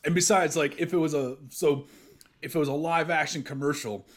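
A man's voice: on the high side, steady tone, fairly quick. A man co-hosting a podcast in casual chat, joking and laughing often. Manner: giggly, joking. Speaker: podcast co-host.

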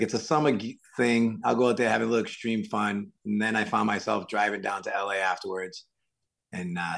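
Guy from massachusetts w a gravelly voice, chatty guest spinning stories and doing the quotes. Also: on the low side. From Worcester, Massachusetts. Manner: lively anecdotes full of acted-out quotes. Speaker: guest stuntman and actor. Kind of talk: casual interview storytelling.

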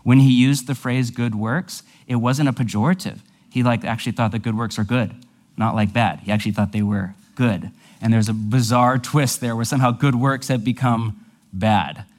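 A man delivering a teaching sermon, walking through ideas step by step. He speaks at a mid pitch and keeps it conversational, dropping in casual asides as he explains. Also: steady tone, moderate pace. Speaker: pastor.

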